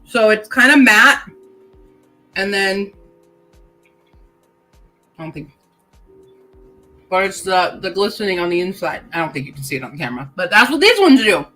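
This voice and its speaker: A woman's voice: mid-range voice, moderate pace, pauses often, sharp tone, faint music behind, poor audio. A woman hosting a casual writing-sprint livestream. She reads chat comments aloud, laughs often and talks while chewing candy.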